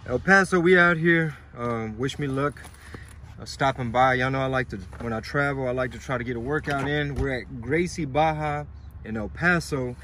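A man's voice: mid-range voice, steady tone, normal speed, fairly bright tone, slight background noise. A man with a Texan accent, a touring comedian chatting casually in a slangy, laid-back way. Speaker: comedian on tour. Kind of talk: casual vlog chat.

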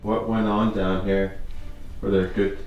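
A man on a ghost-hunting vlog who asks questions in a calm way. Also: fairly low pitch, measured pace, dull audio. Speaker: paranormal investigator. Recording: roomy sound with loud music.

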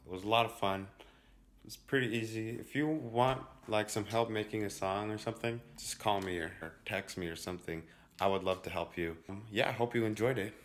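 In an echoey room, a man with a lowish voice gives a relaxed, casual walkthrough of how he made his song, rambling and using lots of fillers. His family comes from Jamaica and Brazil.

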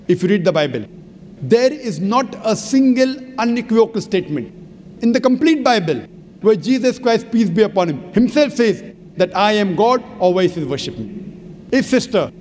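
Very high-voiced man lecturing in a reverberant hall. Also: darkish tone. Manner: emphatic, methodical, cites chapter and verse. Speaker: religious lecturer. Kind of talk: public lecture answering an audience question. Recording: long hall reverb, faint background noise.

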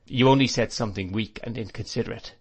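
A man's voice: on the low side, quick pace. A man playing a cold, commanding stepfather. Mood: stern. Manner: grave, stern, commanding.

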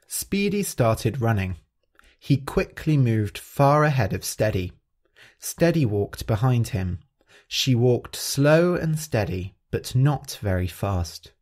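A man hosting a story podcast, narrating clearly and expressively for English learners. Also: lowish voice, slow. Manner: clear, expressive, carefully paced.

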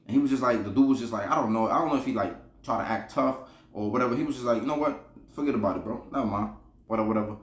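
A man's voice: mid-range voice, echoey room. A man from Buffalo, New York, casually telling a rambling, slangy prison story, repeating himself and laughing as he goes. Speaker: podcast storyteller.

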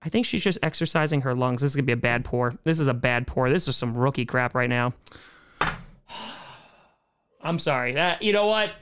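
A man's voice: medium pitch, brisk, pauses often, noisy background. A man in his thirties hosting a casual live-streamed Q&A from home, joking, sarcastic and riffing on viewer comments. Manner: jokey, sarcastic, reads chat aloud and riffs on it.

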